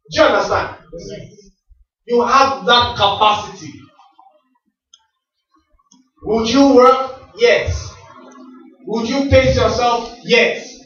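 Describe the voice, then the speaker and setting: A man's voice: high voice, fairly bright tone. A man giving a motivational talk at a business rally, with a preacherly way of asking the audience questions and answering them himself. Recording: very echoey hall, distant mic, dull sound.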